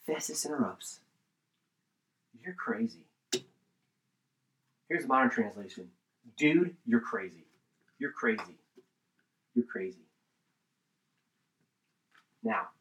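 A man preaching a sermon, teaching through a Bible passage in an animated way with asides. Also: mid-range voice, roomy sound, poor audio. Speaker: pastor.

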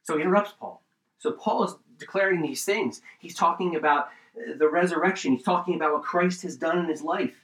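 A man preaching a sermon, teaching through a Bible passage in an animated way with asides. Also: fairly high pitch, fairly quick, echoey room, poor audio. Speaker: pastor.

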